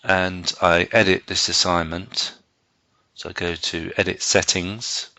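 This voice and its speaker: A man giving a live software training presentation to staff, explaining step by step with frequent ums and restarts. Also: low-pitched, level tone, a little slow, gravelly. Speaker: learning technologist giving a staff training session.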